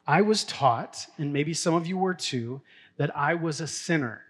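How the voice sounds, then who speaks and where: A man's voice: on the high side, measured pace, fairly bright tone, breathy edge. A middle-aged man, a pastor, preaching a sermon in a casual, story-telling way and laughing now and then. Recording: long hall reverb.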